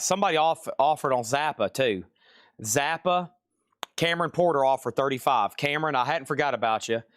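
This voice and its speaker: A man hosting a live online record sale, calling out items, prices and bidders in quick sales patter, at times dropping to a soft murmur to calm his dog. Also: mid-range voice, no room sound, studio quality.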